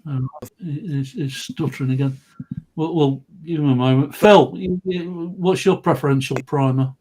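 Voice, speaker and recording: A man's voice: a little high, moderate pace, darkish tone, slight background noise, rough recording. A man hosting a modelling live chat and calling on guests by name. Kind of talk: casual chat.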